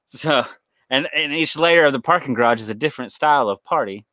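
A man's voice: medium pitch, fairly quick, bright, forceful tone, no echo. A young man co-hosting a horror podcast, telling rambling stories in casual chat, swearing often and acting out the voices of people in his stories. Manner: rambling storyteller, swears a lot, acts out quoted voices. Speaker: podcast co-host.

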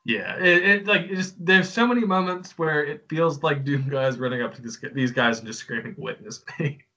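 A man's voice: fairly high pitch, a little fast, bright, forceful tone. A man co-hosting a casual game review podcast, enthusiastic and stumbling over restarts. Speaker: podcast co-host.

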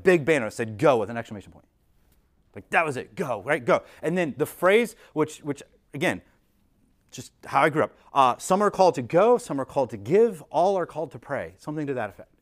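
A man preaching a sermon as pastor in a relaxed, conversational way, often checking in with the listeners. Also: a little high. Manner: casual, talks to the congregation with frequent "like" and "right?".

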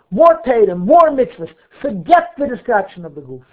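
Guy giving a torah class, high voice, tinny phone-line sound. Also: big pitch swings, moderate pace. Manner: explains Hebrew text line by line, asks and answers questions. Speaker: Torah teacher. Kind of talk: Torah class on Chassidic text. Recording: phone-like narrow audio.

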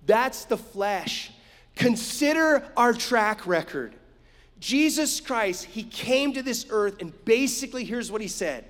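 A man's voice: high voice, fairly bright tone, long reverb tail. A man preaching a sermon, emphatic, with frequent rhetorical asides to his listeners. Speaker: pastor.

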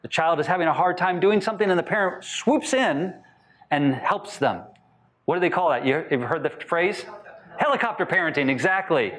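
A man giving a talk to a live audience, asking them many questions and acting out short quotes in lively voices. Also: a little high, normal speed. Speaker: speaker teaching on attachment styles.

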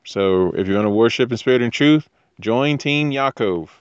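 A man's voice: mid-range voice, expressive, moderate pace, clear, resonant tone, no room sound, lo-fi sound. A man giving casual scripture teaching with jokey asides, rambling tangents and frequent restarts. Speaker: teacher of Torah.

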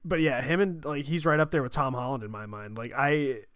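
A man's voice: medium pitch, a little fast, a bit bright, no room sound. Upbeat man talking games, dry sound. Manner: enthusiastic, earnest, filler-heavy. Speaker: podcast co-host. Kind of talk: casual game discussion.

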